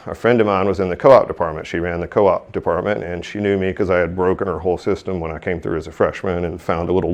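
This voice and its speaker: A man in his fifties from the American South, telling his career story in a blunt, irreverent way with mild swearing. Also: deep voice. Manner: blunt, irreverent, mildly profane. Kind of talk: casual storytelling monologue.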